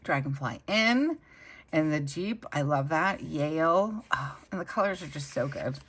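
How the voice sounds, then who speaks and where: Chatty mom vlogging her planner setup, low husky voice that bounces up and down a lot. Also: a bit bright. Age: adult with children. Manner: chatty, enthusiastic, many fillers. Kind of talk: casual chat while decorating a planner.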